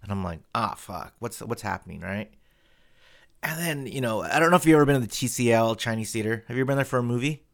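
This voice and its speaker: A man's voice: mid-range voice, rapid-fire, hardly any pauses. A young man co-hosting a casual podcast, telling a story with lots of swearing and acted-out quotes. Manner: animated storyteller, swears freely, acts out quotes. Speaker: podcast co-host.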